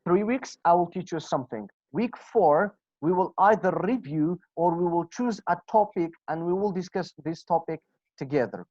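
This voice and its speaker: A man's voice: high-pitched, animated, moderate pace, darkish tone, no room sound. A man with a Kurdish accent leads an online English pronunciation lesson. He patiently repeats each example phrase again and again. The video call audio is dull and dry. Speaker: English teacher.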